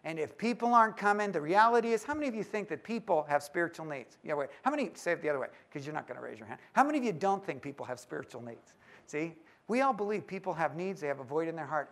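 A man with a notably high voice gives a live talk to a room of church leaders. He is lively and playful and keeps teasing his listeners as he goes. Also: quick pace. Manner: lively and joking, teases the audience. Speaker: speaker at a church leaders' conference.

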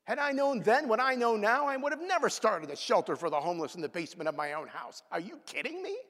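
A man preaching a sermon with dramatic swings between loud exclamations and hushed whispers. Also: sits high, quick pace. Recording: long reverb of a large hall.

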